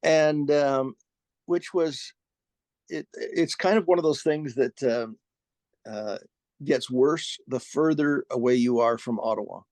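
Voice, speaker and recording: A middle-aged man speaks in a mid-range voice, recorded close and dry. He talks haltingly, restarting his sentences as he gathers his thoughts. His humor is dry and understated. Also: medium pitch, a little mellow, no echo. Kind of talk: casual chat.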